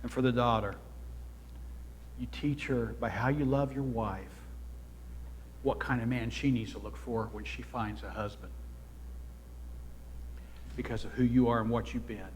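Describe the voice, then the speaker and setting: A man preaching a sermon as pastor, earnest and exhorting, his voice swelling louder when he drives a point home. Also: medium pitch, steady tone, unhurried, pauses often, long reverb tail, slight background noise. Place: church sanctuary.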